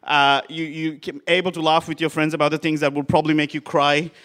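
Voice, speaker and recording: High-voiced man telling a live comedy story. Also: flat delivery, brisk, a bit bright. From Sri Lanka. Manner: rambling, self-mocking, laughing often. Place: bar with a live audience. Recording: live crowd audible.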